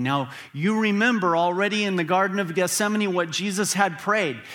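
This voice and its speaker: A man's voice: fairly high pitch, expressive, moderate pace, hardly any pauses, a bit bright. A man preaching a sermon as pastor, earnest and building to emphatic peaks.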